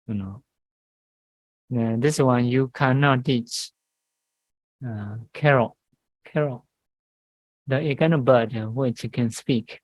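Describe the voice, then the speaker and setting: A man, a monk teaching Pali grammar in halting English, reciting syllables and pausing often. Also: mid-range voice, dry recording, highs cut off. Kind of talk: grammar lesson. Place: meditation centre classroom.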